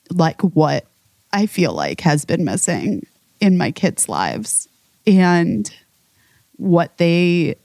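A woman's voice: fairly low pitch, creaky, a little mellow, no echo, clean studio sound. A woman in her thirties co-hosting a candid casual chat, rambling and emotional, and swearing freely. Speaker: podcast co-host.

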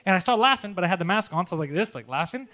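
A man in casual chat, telling profane, animated stories and yelling when he quotes people. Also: high-pitched, racing. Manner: swearing, animated storyteller who yells when quoting.

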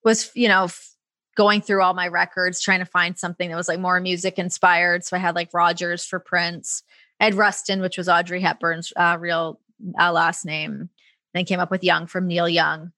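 A woman's voice: on the low side, no echo. A woman from Toronto, a broadcaster, chatting casually as an interview guest, laughing easily and telling stories with lots of fillers. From Toronto, Canada. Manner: chatty, quick to laugh, lively storytelling with many fillers. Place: her home.

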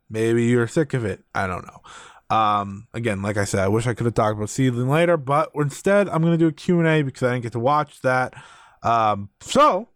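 A man's voice: medium pitch, dry recording, clean studio sound. A man hosting a solo podcast, talking with eager, opinionated enthusiasm and lots of ums and uhs. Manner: enthusiastic, opinionated, many fillers. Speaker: podcast host. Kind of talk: solo wrestling podcast talk.

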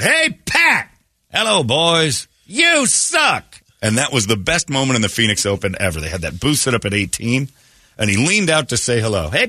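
A low, husky male voice with plenty of bright edge, rising and falling with animated swings as he riffs through a casual radio morning show. He tells his stories in a lively way, mimicking the people in them. The sound is dry and close, as in a radio studio. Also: no room sound. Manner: animated storyteller who acts out quoted voices.

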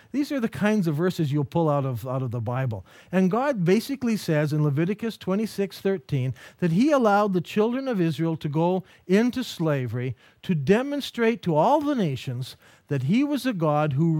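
The lecturer, a man teaching a mission course, has a high and somewhat mellow voice, recorded dry in clean studio sound. He presents a Christian mission lecture through conversational storytelling and rhetorical questions, sharing anecdotes and acting out the dialogue he quotes.

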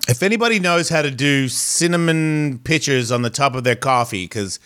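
A podcast host with an expressive, fairly bright mid-range voice speaks at a moderate pace in a casual chat, rambling, swearing and getting easily sidetracked. He records in a home studio with his pet cat nearby.

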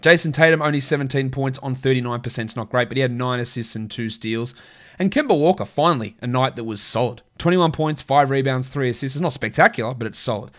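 A man hosting a casual sports podcast with a crackly voice, chatty and opinionated, rattling off stats in quick lists. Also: medium pitch, a bit bright. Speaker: podcast host.

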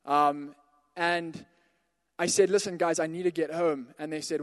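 A man with a fairly high voice delivers a sermon in a church. He tells a personal anecdote in a chatty way, then pushes into forceful calls to his listeners. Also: fairly even intonation, a little slow, in a large hall. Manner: storytelling, builds to emphatic exhortations. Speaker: pastor.

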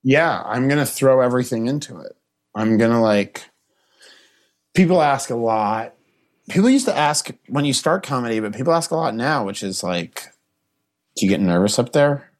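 A man's voice: mid-range voice, lively intonation, normal speed. A man, a comedian guest on a podcast, talking in an earnest, emotional way, full of restarts and fillers. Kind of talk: casual podcast chat.

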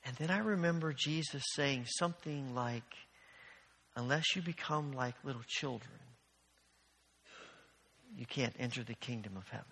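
A man preaching a sermon as pastor, telling stories with an animated, earnest delivery from the front of a church sanctuary. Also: medium pitch, normal speed, vocal fry, pauses often, breathy edge. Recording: long church reverb.

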